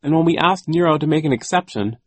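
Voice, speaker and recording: Storybook girl inventor, young and eager, high and loud, as a male reader puts her on. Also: fast, slightly rough, no room sound.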